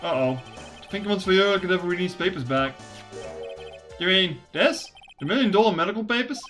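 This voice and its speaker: A woman's voice: fairly low pitch, lively intonation, brisk, fairly bright tone, faint music behind. A woman voicing an earnest young male defense lawyer who questions and persuades. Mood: probing.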